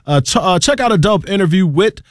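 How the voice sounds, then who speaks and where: A man hosting a radio music show, talking in a relaxed, slangy way with frequent ums between tracks. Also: high-pitched, a little fast, no echo, studio quality. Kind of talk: laid-back radio DJ patter. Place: radio studio. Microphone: studio microphone.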